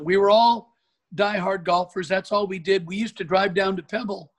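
An older man from Oregon, a golf pro guest telling an animated anecdote in an interview. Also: sits high. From Oregon, USA. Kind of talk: storytelling in an interview.

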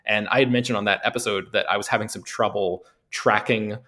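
Low-voiced man rambling through podcast chat. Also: steady tone, brisk, sharp tone. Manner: rambling, hesitant, trails through many restarts. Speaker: podcast co-host.

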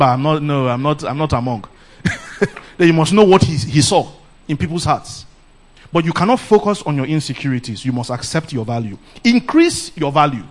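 A middle-aged man from Nigeria with a Nigerian accent, preaching a lively sermon and laughing often. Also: fairly high pitch. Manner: animated, laughs often, calls "Praise the Lord". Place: church camp meeting.

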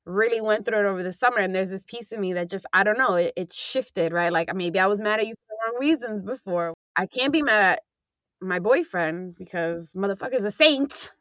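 A woman's voice: mid-range voice, brisk, fairly bright tone, dry recording. Young woman, casual chat, candid, rambling, swears now and then, dry close sound.

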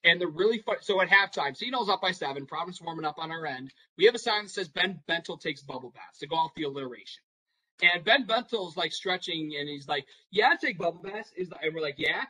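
A young man spins a rambling story full of "like" and "you know," jumping into the voices of the people in it. His voice sits high and sounds bright and forceful, and it swings up when he gets excited. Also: fast, poor audio. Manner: animated, rambling with many fillers, acts out quotes. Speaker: podcast guest storyteller. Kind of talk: casual storytelling.

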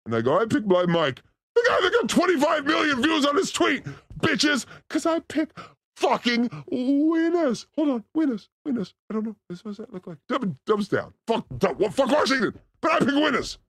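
Casting: a man doing a crude, boastful demon comic, high voice swinging wildly, shouty, dry close mic. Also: big pitch swings, normal speed, no echo, heavily acted. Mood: manic. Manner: manic, crude, frequent shouting outbursts. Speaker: comedy streamer playing a demon character. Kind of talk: live-stream comedy rant.

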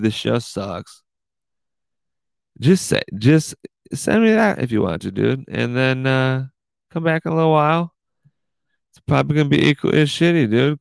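A man's voice: medium pitch, creaky, no room sound. A man hosting his own podcast, rambling goofily and tacking "dude" onto nearly every line. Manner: rambling, goofy, says "dude" constantly. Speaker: podcast host. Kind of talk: casual podcast monologue.

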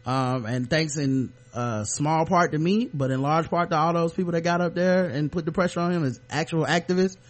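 A man co-hosting a casual podcast over a video call, talking in an animated, sarcastic way and laughing often. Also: on the high side, moderate pace, few pauses. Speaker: podcast co-host. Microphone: webcam on a video call.

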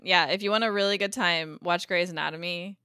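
Snarky guest with bright, dry voice. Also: male voice, high-pitched, steady tone, smooth, no echo. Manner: quick snarky reactions, dry jokes. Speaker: guest co-host. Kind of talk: casual chat.

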